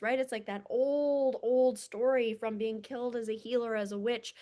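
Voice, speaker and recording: Earnest, slightly high-voiced woman confiding. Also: fairly even intonation, normal speed, mellow. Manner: earnest and confessional, with many "like" fillers. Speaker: spiritual self-development coach. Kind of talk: casual reflective monologue.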